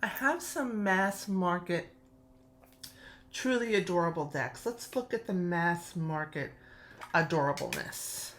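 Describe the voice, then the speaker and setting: A woman's voice: on the low side, animated, takes it slowly, fairly bright tone, a little hiss or hum. A middle-aged woman with a New York accent, chatting casually in a vlog, gushing and laughing often. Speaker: tarot deck collector and reviewer.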